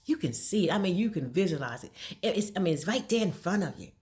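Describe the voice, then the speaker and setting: Lively laughing woman telling stories. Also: on the low side, fast. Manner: animated, laughs often, folksy slang. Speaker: vlogger. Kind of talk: casual storytelling monologue.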